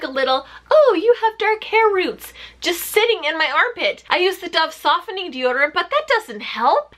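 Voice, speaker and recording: A woman vlogger giving a chatty, sarcastic recap of a TV show with rapid-fire questions. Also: sits high, sharp tone. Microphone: camera mic.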